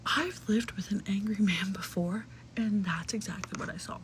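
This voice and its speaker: A young adult woman telling a personal story in casual, chatty talk, full of "like" fillers, cursing, and hushed, whispery asides. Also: mid-range voice, normal speed, a little hiss or hum, rough recording.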